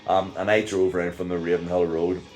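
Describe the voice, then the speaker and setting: An older man from Northern Ireland, speaking in that accent, tells a rambling personal story in a casual vlog, chuckling often and using lots of fillers. His voice is low and darkish, level in tone, and a little fast.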